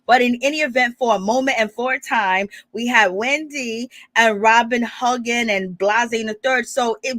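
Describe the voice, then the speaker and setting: Sassy chatty woman, bright voice. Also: on the high side, fairly quick, hardly any pauses, no room sound. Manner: chatty, sassy, asks rhetorical questions. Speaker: reality TV recap vlogger. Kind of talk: casual gossip commentary.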